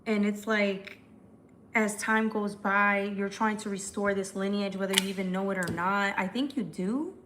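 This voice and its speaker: Chatty female tarot reader, live stream, rushing, faint background noise. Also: mid-range voice, fairly even intonation, a bit bright. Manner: chatty, fast, repetitive restarts. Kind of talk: live tarot forecast reading.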